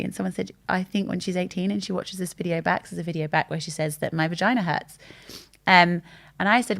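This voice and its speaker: A woman's voice: on the low side, fast talker, gravelly. A woman in her thirties talking candidly and openly in a casual chat, telling stories with animation. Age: 30s. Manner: open, candid and animated storytelling. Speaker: guest.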